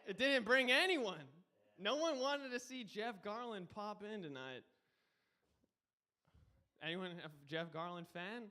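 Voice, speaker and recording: A man's voice: high-pitched, expressive, unhurried, long pauses, sharp tone. A man guest hosting a live comedy show, doing a loose, rambling stand-up set. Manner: loose, rambling, says dude a lot.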